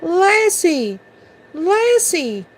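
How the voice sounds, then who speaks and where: A woman voicing an eager young village boy who calls out in a high, shrill voice. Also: sing-song, very slow, exaggerated voice. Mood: overjoyed.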